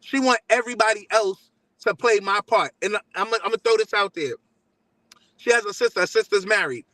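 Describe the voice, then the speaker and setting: New man, guest father; quick, bright, animated storyteller, voices the other parties himself. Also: sits high, dry recording, low-quality recording. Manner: animated, acts out both sides of texts and talks. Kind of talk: casual storytelling.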